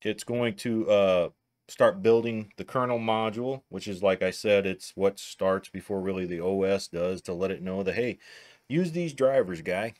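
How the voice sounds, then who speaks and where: A man's voice: low-pitched, little pitch movement, moderate pace, a little mellow. A man with a Midwestern American accent, casually talking through each step of a computer tutorial as he works. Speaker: tech tutorial host. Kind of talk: narrated screen-recording tutorial.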